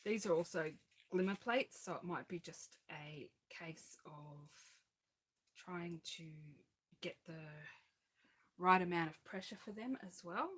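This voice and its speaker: A woman's voice: on the low side, measured pace, a bit bright, slightly rough. A woman hosting a live crafting stream, chatting casually as she narrates each step and laughs at her own mishaps. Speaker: crafting channel host.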